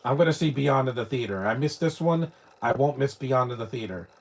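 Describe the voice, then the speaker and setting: A man's voice: mid-range voice, animated, brisk. A man from New York, giving rambling, opinionated live commentary while watching a movie, often restarting his sentences. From New York, United States.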